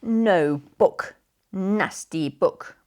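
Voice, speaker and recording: A woman's voice: high-pitched, sing-song, unhurried, vocal fry, fairly bright tone, pitched above the performer's own voice, exaggerated voice. A woman voicing a cross, grumbling little girl with a cold in a children's story. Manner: whiny, growly.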